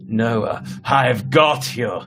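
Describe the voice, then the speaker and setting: Masked girl, gruff and taunting, a man doing the voice, slow and low. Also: over music. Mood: menacing. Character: young girl in a scary mask, gruff and mocking.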